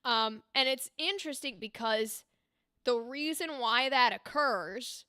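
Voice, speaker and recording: A young woman voice actor chatting casually on a livestream, animated and explaining with demonstrations. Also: fairly high pitch, takes it slowly, smooth, dry recording, studio quality. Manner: animated, talks with her hands, explains with demonstrations. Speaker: streamer and voice actor. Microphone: desk microphone.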